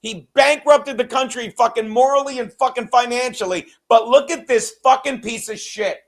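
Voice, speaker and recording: A male host with an extremely high-pitched voice, speaking at normal speed, rants about politics. His heated commentary is profane and repetitive, full of constant swearing and the same phrase hammered again and again.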